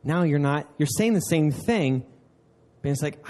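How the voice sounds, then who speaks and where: Earnest conversational male pastor, mellow voice. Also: on the high side, lively intonation. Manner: conversational and earnest, with repeated "man" and quick asides. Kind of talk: sermon.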